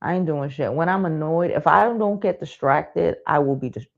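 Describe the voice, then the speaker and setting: Her deep, gravelly voice moves at a normal speed as she vents bluntly and profanely on a live stream. She's a host in her thirties, using a streaming mic, and the stream audio is dull and lo-fi.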